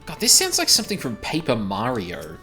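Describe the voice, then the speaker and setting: A man's voice: mid-range voice, huge pitch swings, fairly quick, pushed and bright, soft background music. A man streaming a game, chatting casually, swearing now and then, and reading quest text aloud. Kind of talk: casual chat while playing a game.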